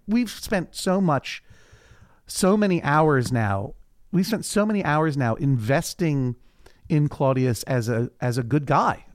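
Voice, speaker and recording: Lively, animated man podcast host. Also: mid-range voice, dry recording, clean studio sound. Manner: animated, acts out characters in quoted voices. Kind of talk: casual recap chat.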